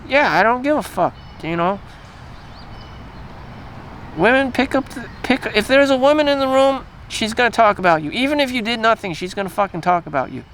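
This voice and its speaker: Very high-voiced man ranting crudely. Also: lively intonation, a little fast, a bit bright, slight background noise. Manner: crude, repetitive, agitated rant with frequent swearing. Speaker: vlogger. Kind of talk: profane ranting monologue.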